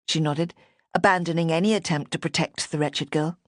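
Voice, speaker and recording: A woman narrates a mystery novel in a measured, steady manner, her voice sitting low and deep. The recording is close-miked and completely dry, with no room around her. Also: no room sound. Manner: measured, even storytelling. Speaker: audiobook narrator. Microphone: close studio microphone.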